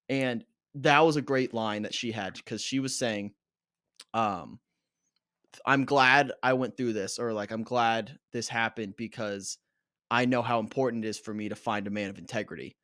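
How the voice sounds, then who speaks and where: A young man co-hosting a casual reaction podcast, talking in an animated, fired-up rant. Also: mid-range voice, normal speed, no echo, studio quality. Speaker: podcast co-host.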